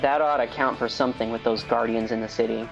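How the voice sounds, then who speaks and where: A man's voice: medium pitch, steady tone, quick pace, gravelly, highs cut off, music in the background, lightly acted. A man voicing a wry, grumbling young male wanderer in a story read aloud on a podcast. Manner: dry and grumbling.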